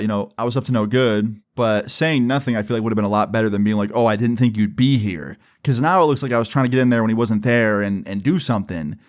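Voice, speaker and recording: A man telling a personal school story in a casual storytime vlog, full of swearing and fillers like "right?". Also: medium pitch. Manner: casual, profane, filler-heavy.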